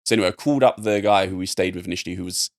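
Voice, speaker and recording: A young man from England telling a personal story as a podcast guest, rambling and animated with lots of fillers. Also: low-pitched, very fast. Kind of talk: casual storytelling.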